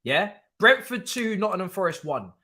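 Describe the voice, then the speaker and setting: Excitable high bright-voiced young man. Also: moderate pace, slight background noise. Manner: excitable, repeats himself, swears freely. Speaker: host of a football watch-along. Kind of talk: live stream reaction commentary.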